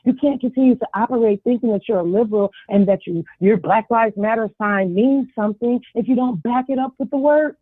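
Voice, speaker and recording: A tired woman calling in to give a blunt, indignant public comment, her voice a little husky. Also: a little high, fairly quick, hardly any pauses, no room sound. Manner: indignant, blunt, pointed questions. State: tired, yawning. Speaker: caller giving public comment. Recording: tinny phone line, dry.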